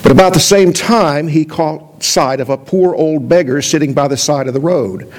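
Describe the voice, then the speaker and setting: A male pastor giving a sermon in a measured, storytelling way. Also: a little high.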